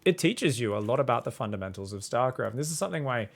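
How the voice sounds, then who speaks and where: A man's voice: medium pitch, animated, quick pace, creaky, slight background noise. A man, casually commentating a strategy game and chatting with viewers in a rambling, laid-back way. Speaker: StarCraft coach and streamer.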